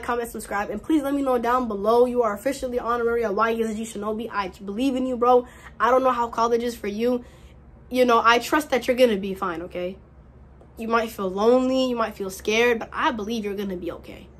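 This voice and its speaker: A young woman in her early twenties talks straight to her viewers in a slightly high voice. Her delivery is slangy and earnest, full of repeated phrases and encouragement, like an easygoing vlog. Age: early 20s. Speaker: vlogger giving college advice. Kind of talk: casual direct-to-camera chat.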